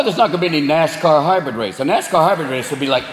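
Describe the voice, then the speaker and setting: A man doing a profane stand-up routine, switching rapidly between voices. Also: on the high side, lively intonation, a little hiss or hum. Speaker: stand-up comedian. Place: live comedy venue. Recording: echoey live venue, loud crowd.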